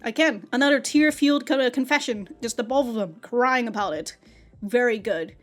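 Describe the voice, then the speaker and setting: A woman giving excitable, casual reaction commentary on an anime, laughing often, swearing freely and calling everyone "dude". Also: a little high, moderate pace, faint music behind.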